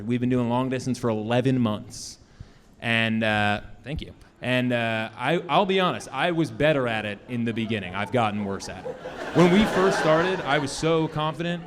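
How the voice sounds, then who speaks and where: Self-mocking young stand-up comedian. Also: male voice, fairly high pitch. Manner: self-mocking, quick asides, acts out both sides of conversations. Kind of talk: stand-up set. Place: comedy club stage with live audience.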